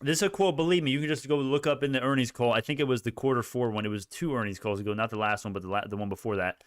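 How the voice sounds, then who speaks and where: A man giving live stock-market commentary, excitable and rambling, with frequent swearing and self-corrections. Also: medium pitch, very fast, smooth, no echo, clean studio sound.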